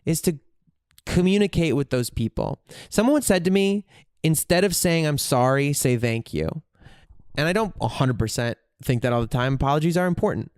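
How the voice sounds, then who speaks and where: A man's voice: on the high side, lively intonation, moderate pace, darkish tone, smooth, dry recording, clean studio sound. A man hosting a solo podcast, talking candidly and profanely as he thinks aloud, often restarting his sentences. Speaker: podcast host. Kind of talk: reflective solo podcast monologue.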